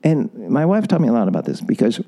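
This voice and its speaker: A man's voice: medium pitch, big pitch swings, fast talker, warm tone, rough recording. A middle-aged man giving relationship advice as a podcast guest, coaching emphatically and acting out example lines.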